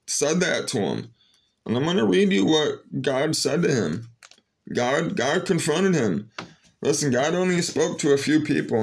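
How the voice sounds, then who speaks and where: A man speaking off the cuff to his online audience at a middle pitch. His delivery is earnest and low-key. It wanders, with constant fillers and repeated restarts as he thinks aloud. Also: creaky. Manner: rambling, full of "you know" fillers and restarts. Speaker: vlogger. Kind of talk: casual spoken monologue to viewers.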